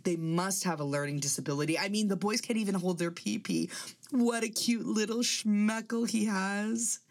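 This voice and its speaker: A woman's voice: medium pitch, normal speed, lightly acted. A woman voicing a nosy older mother-in-law who nags in a fake-sweet, condescending way. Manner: fake-sweet, backhanded nagging.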